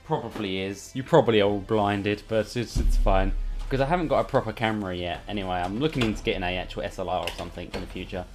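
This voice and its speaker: Talking fast with few pauses, a man with a fairly low voice unboxes gear in his bedroom, lit by a studio light. The hardware reviewer keeps it casual and irreverent over faint background music.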